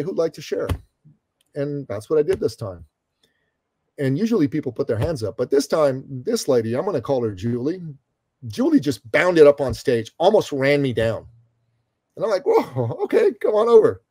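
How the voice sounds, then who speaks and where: A middle-aged man from Iran, a guest telling a story in an interview, animated and calling the host brother. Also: fairly high pitch, moderate pace, dry recording.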